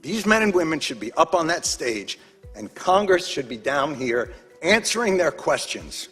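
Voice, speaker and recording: An angry man delivers an impassioned speech in emphatic, measured bursts. His voice is slightly husky and pitched a little high. Long hall reverb surrounds him, with faint music underneath. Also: big pitch swings, a bit bright. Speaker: advocate testifying at a congressional hearing.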